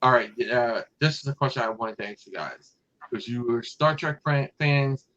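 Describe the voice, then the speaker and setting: Casual male podcast host, mid-pitched, rambling delivery, slightly muffled lo-fi audio. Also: normal speed, a bit bright. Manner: rambling, many fillers and restarts. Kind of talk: casual fan chat.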